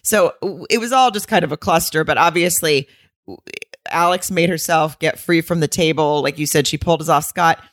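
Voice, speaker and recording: A woman's voice: low voice, fairly quick, no echo, clean studio sound. A woman co-hosting a podcast, chatting casually and acting out lines while recapping a movie. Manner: animated storytelling, acting out quotes. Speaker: podcast co-host.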